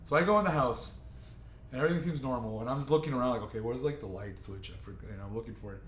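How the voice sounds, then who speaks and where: A man's voice: mid-range voice, rapid-fire, a bit bright, a little hiss or hum. A young man telling a long, rambling, profane story in casual chat with friends, restarting his sentences often. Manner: rambling, profane, self-interrupting. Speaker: podcast host. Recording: echoey room, faint ambience.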